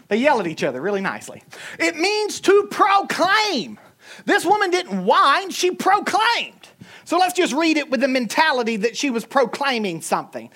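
A woman with a Southern US accent preaching a sermon, emphatic and humorous, swinging between loud and soft. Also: on the high side, sing-song, normal speed. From Southern United States.

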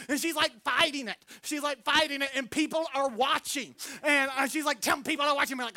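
A man preaching a sermon, telling lively stories and breaking into loud acted-out quotes. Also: very high-pitched, fast, hardly any pauses, dry recording. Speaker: pastor.

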